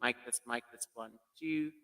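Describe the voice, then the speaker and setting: A man's voice: medium pitch, normal speed, bright, forceful tone. A man hosting a casual live stream, animatedly greeting viewers by name while testing a new computer mic in an echoey room.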